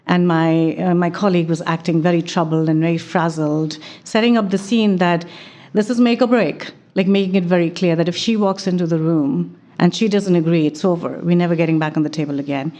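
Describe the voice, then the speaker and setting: A woman guest in an interview, telling work stories in a measured, reflective way. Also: fairly low pitch, mellow. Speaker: guest, venture investor. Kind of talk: conversational interview.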